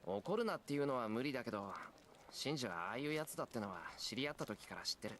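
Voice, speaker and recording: A calm, resigned teenage boy. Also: mid-range voice, racing, slight background noise. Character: calm, patient teenage schoolboy.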